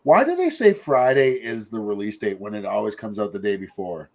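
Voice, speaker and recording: A man's voice: fairly low pitch, sing-song, a little fast. A middle-aged man, hosting a show in casual, rambling chat full of fillers and asides. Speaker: podcast host.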